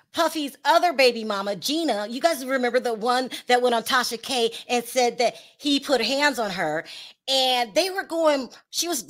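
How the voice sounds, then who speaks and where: High-pitched lady doing gossip commentary, chatty, laughs and goes "y'all ain't right". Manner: chatty and animated, laughs and scolds in drawn-out repeats; reads out viewer comments. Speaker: celebrity gossip host.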